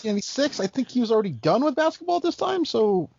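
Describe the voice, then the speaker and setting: A man co-hosting a podcast, chatting casually about wrestling history, wry and quick to correct himself. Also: very high-pitched, sing-song, creaky, a little mellow, no room sound, lo-fi sound. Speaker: podcast co-host.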